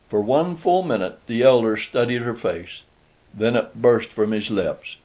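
A man narrating a story aloud in a steady, measured audiobook reading. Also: lowish voice.

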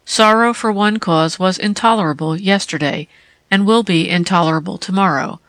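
A woman reading a literary essay aloud in a calm, deliberate way. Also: medium pitch, no echo. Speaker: reader.

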